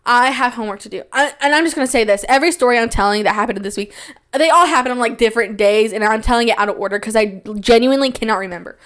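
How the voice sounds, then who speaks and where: A young woman hosting a podcast, telling stories in a rambling, self-deprecating monologue with big jumps in pitch when she quotes people. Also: fast talker, fairly bright tone. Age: young adult. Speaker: podcast host. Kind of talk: casual storytelling monologue.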